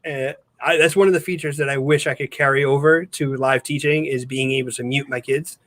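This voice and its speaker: A man's voice: medium pitch, fairly even intonation, brisk, fairly bright tone. A man, a special education teacher, explaining his online teaching at length in a casual podcast chat over a video call. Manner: earnest, explains at length with restarts.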